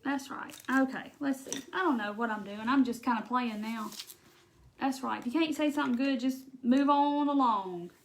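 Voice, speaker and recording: A woman's voice: sits high, normal speed, a little hiss or hum. Chatty Southern woman crafting live. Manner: chatty, folksy, laughs often, thinks aloud. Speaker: craft livestream host. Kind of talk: casual chat while crafting.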